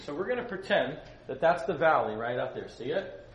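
A man preaching a sermon, telling a story with animated delivery and acting out the voices in it. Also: a little high, fairly quick, highs cut off, slight background noise. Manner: animated, acts out voices in his stories. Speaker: pastor leading a Bible study. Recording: roomy, distant mic with faint ambience.

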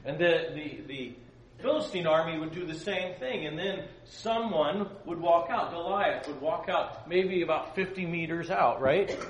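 Male preacher, storytelling sermon, animated, mic set back, roomy echo. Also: fairly high pitch, unhurried, highs cut off, a little hiss or hum. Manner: animated, acts out voices in his stories. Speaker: pastor leading a Bible study. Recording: roomy, distant mic with faint ambience.

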